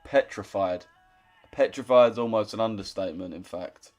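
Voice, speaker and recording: A man's voice: lowish voice, moderate pace, darkish tone, faint music behind. A young man chatting casually on a trading live stream, swearing and teasing viewers. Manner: swearing, banters with chat. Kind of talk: casual live-stream chat reading comments.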